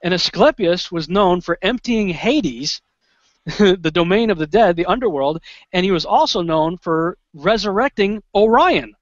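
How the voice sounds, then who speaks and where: A man guest in an interview, telling a story in an animated, excitable way, often restarting and acting out what he said in the moment. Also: sits high, measured pace, no room sound. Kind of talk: conversational storytelling. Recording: dull lo-fi sound.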